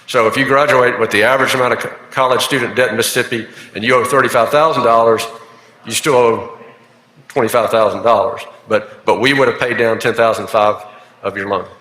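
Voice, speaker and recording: A man's voice: mid-range voice, steady tone, pushed and bright. Man explaining a bill. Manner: measured, explanatory, with frequent fillers. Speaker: senator presenting a bill. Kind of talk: legislative floor speech. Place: legislative chamber. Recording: echoey chamber with long reverb.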